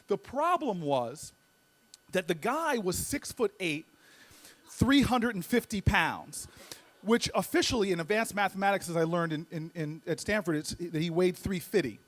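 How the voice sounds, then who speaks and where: With a high voice at an ordinary pace, this man is the guest speaker delivering a comic storytelling speech. He's animated and times his jokes well, frequently repeating words as the story builds.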